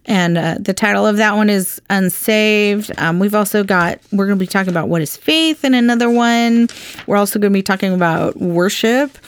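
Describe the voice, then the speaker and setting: A woman's voice: mid-range voice, moderate pace. A woman hosting a Bible teaching podcast, talking in a chatty, earnest way with lots of ums and restarts.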